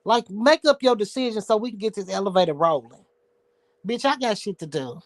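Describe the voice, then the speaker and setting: A man's voice: high voice, animated, a little fast, no echo. A man hosting his own show, ranting casually in a blunt, sassy, heavily profane way. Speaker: show host. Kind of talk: casual livestream rant.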